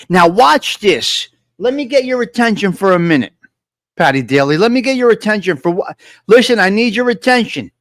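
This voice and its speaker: A man's voice: high voice, sing-song, moderate pace, a bit bright, no echo, rough recording. A man hosting a casual live-stream show, boastful and joking, often repeating himself.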